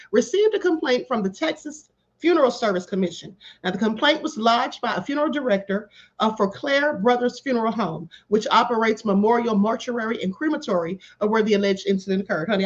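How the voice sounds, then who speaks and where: Female live-stream host, animated and high, reads the news with chatty asides. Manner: chatty, calls viewers honey, bursts into laughter. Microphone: home live stream setup. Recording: slightly dull lo-fi stream audio.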